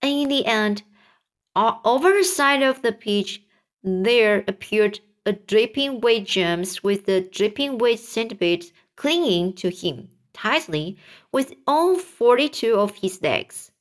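A woman with a fairly high voice reads a children's story aloud at a slow, deliberate pace. She stops to repeat words now and then before carrying on. She lifts her pitch when she speaks the characters' lines. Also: expressive. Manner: slow, careful reading with small restarts and repeated words. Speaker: reader. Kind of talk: reading a children's book aloud.

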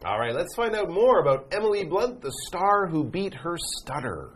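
A man's voice: sits high, moderate pace, music in the background. A man with a North American accent, co-hosting an English lesson and explaining a text in simple words. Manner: lively, reads out phrases and rephrases them simply. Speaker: English teacher co-host.

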